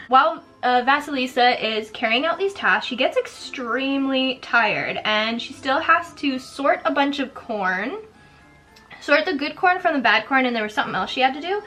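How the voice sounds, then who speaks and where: A woman's voice: high voice, animated, moderate pace, sharp tone, soft background music. A woman vlogger retelling a folk tale in a chatty, sarcastic way, full of "like" and "girl," while doing her makeup. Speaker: spooky lifestyle vlogger.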